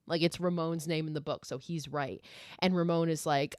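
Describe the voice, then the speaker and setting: Woman host with a lower voice, dry and close to the mic; chatty, profane movie recap. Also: steady tone, moderate pace, clean tone, no room sound. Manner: chatty and profane, heavy use of "like". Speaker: podcast host.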